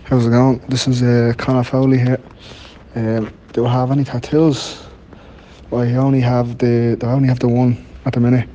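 A man's voice: medium pitch, level tone, moderate pace, dark tone, lo-fi sound. A young man answering questions in casual chat, hesitant with dry humour.

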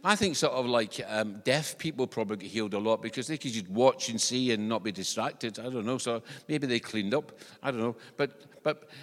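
A Scottish man preaches a sermon in a conversational, animated way and drops in joking asides. His voice sits at a middle pitch, and a long church reverb hangs behind every phrase. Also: a little fast, few pauses.

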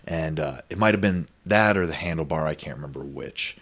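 A man's voice: a bass voice, fairly quick, a bit bright. A man hosting a podcast, telling a long story in a rambling, casual way full of fillers and asides. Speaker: podcast host. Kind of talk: casual conversation.

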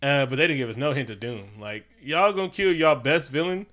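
Animated, bright-voiced man riffing on a movie. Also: mid-range voice, brisk. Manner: animated, profane, slips into impressions. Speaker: podcast co-host. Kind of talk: casual movie review chat.

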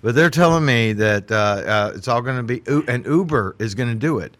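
A man, chatting as a host and telling animated, laughing stories. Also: mid-range voice, fairly quick, dry recording. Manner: animated storyteller, laughs often. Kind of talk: casual group chat.

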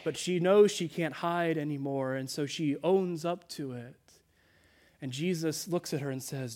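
A male pastor, his voice a little higher than most men's, preaches earnestly in a church sanctuary. Whenever he quotes someone, he sinks into a soft, slow hush.

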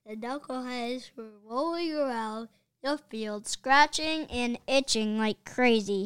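A woman reading a children's chapter book aloud, lively and expressive. Her voice is very smooth and crisp, a little high, and recorded close and dry. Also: takes it slowly, no echo. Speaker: reader.

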